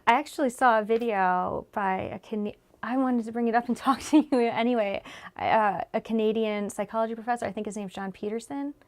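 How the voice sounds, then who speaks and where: A woman's voice: a little high, fairly even intonation, fairly quick, no echo. A woman interviewing, chatting casually and giving frequent short agreements, with easy laughter. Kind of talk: conversational interview.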